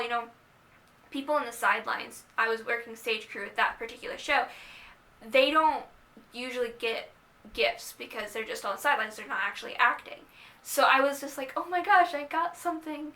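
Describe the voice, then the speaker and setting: A young woman casually telling the story of how she started dating, chatty and animated, quoting herself and others as she goes. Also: high-pitched. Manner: chatty, animated retelling with quoted asides. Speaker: vlogger.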